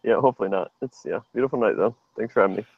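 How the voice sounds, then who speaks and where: A man's voice: on the low side, very fast, creaky, slightly rough, narrow, tinny audio. A man appearing as a guest on a tech show, answering in an easygoing way with short replies and some hesitant fillers. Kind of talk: casual interview answers.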